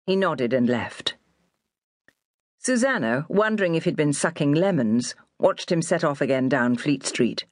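A woman narrates an audiobook in a lowish voice with lively, expressive rises and falls. The studio recording is dry and close, with no room sound. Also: a little slow, no room sound. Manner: expressive storytelling reading. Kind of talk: scripted narration.

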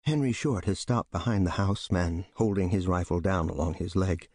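Husky low man reading a novel. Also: dry recording, clean studio sound. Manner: measured, steady storytelling delivery. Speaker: audiobook reader. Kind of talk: scripted literary narration.

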